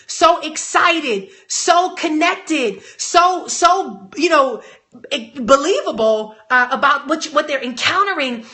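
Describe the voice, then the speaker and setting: A woman coaching network marketers in a live training talk, energetic and emphatic, rallying her audience. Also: sits high.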